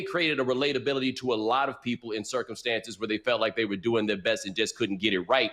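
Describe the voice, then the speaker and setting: A man in his forties speaks as a guest on a news panel. He is measured and analytical, setting out his points one after another in a steady, explanatory way. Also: mid-range voice. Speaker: podcaster and guest commentator. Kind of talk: live news panel discussion.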